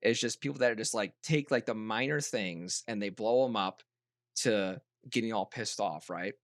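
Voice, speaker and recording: A young man co-hosting a casual podcast, telling a rambling story full of restarts and loud mimicked voices. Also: lowish voice, moderate pace, dry recording, studio quality. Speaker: podcast co-host. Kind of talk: casual chat.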